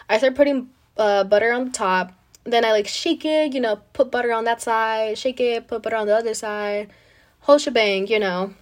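Woman podcast host, casual storyteller, chatty and rambling, a bit high voice. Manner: chatty, lots of "like" and "you know".

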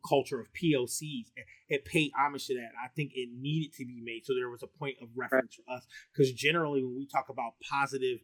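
Sex: man. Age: middle-aged. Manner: rambling, profane. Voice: baritone, dry close mic. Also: steady tone, fast talker, few pauses, a bit bright, dry recording. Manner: rambling and profane, heavy with fillers and restarts. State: high on marijuana. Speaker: podcast co-host. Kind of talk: casual chat.

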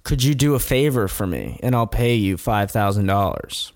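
A man voicing a smooth-talking young male drug recruiter who flatters slowly. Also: on the low side, dry recording, clean studio sound. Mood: coaxing.

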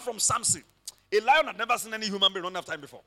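A man preaching a sermon, telling stories dramatically and rising to shouted peaks. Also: sits high, expressive, racing.

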